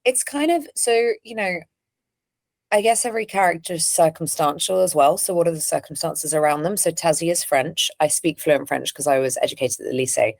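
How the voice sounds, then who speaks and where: A woman voice actor as an interview guest, candid and animated, laughing often. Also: low-pitched, fairly quick, vocal fry, no room sound, clean studio sound. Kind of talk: casual interview chat.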